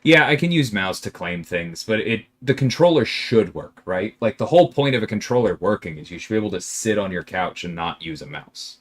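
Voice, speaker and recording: A man's voice: fairly low pitch, brisk, hardly any pauses. A man hosting a casual game livestream, reading chat questions aloud and answering them. His voice rises and falls a lot as he talks, and he turns emphatic and exasperated when he pushes back. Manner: animated, emphatic, exasperated rants with laughter.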